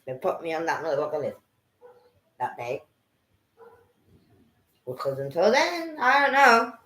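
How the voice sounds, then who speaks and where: A woman telling a story in casual chat, animated and profane, acting out what people said. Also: low-pitched, unhurried. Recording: echoey room.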